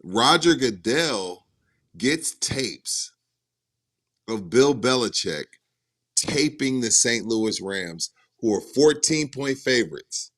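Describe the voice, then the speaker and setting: A man's voice: mid-range voice, expressive, slow, fairly bright tone. A man co-hosting a casual sports podcast from a studio, arguing his points emphatically and telling stories to make them. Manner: emphatic, argumentative storyteller. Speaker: podcast co-host.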